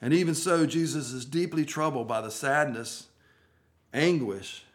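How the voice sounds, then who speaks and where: A male pastor preaching a sermon, moving between hushed, quiet phrases and emphatic, rising ones. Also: a little high, measured pace.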